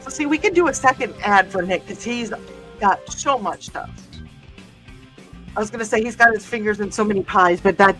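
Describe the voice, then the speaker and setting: A woman's voice: medium pitch, moderate pace, fairly bright tone, soft background music. A woman hosting a livestream in casual chat, reading viewer comments aloud and laughing often. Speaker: livestream host.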